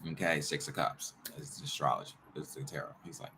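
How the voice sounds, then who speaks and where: A man's voice: medium pitch, wildly swooping pitch, brisk, few pauses, sharp tone, a little hiss or hum. A man who teaches astrology and tarot, rambling in a casual monologue, repeating himself, jumping between ideas and muttering swears.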